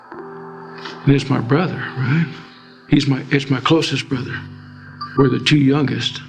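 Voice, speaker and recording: A man's voice: a little high, a little slow, vocal fry, pauses often, soft background music. A middle-aged man from Alaska telling his life story in a rambling, filler-heavy way, as a guest in an interview. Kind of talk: personal testimony.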